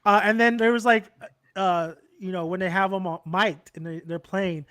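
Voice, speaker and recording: Host: young guy, high voice, rambly and profane, laughs a lot, casual sports talk. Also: steady tone, normal speed, fairly bright tone, clean tone. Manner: rambling, laughing, swearing freely. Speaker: channel host. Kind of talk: casual chat about football.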